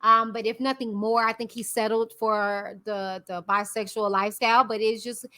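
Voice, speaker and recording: Bright, high-voiced woman giving blunt commentary. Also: little pitch movement, moderate pace. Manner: candid, opinionated, talks directly to viewers. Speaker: YouTube commentary host. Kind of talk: casual live-stream commentary.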